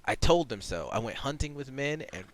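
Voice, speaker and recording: A man voicing a proud, hot-tempered barbarian woman warrior, in gruff, boastful, choppy speech. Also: mid-range voice, animated, brisk, pitched above the performer's own voice, natural voice. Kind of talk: reading a game's dialogue aloud.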